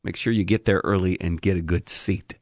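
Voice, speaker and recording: A man's voice: deep voice, fairly even intonation, a little fast, no echo, clean studio sound. Male radio host announcing. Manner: smooth scripted announcing. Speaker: radio talk show host. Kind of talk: radio hosting. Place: radio studio.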